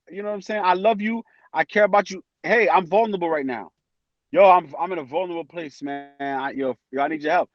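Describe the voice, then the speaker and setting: A man talking as a podcast guest in an animated, casual way, acting out his friends' voices as he tells stories. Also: fairly high pitch, fast talker, no room sound. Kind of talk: casual chat. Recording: dry, dull lo-fi sound.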